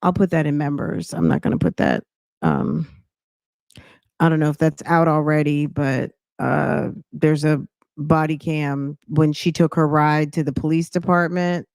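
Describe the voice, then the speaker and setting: A woman's voice: deep voice, takes it slowly, gravelly, a little mellow, clear, resonant tone, no room sound, studio quality. A woman hosting a casual live-stream reaction chat, greeting viewers by name and thinking aloud as she reads.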